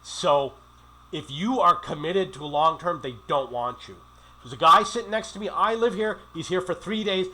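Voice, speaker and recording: A man's voice: on the high side, expressive, normal speed, sharp tone, low-quality recording. A middle-aged man telling rambling travel stories in a casual monologue, acting out quoted dialogue. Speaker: travel vlogger.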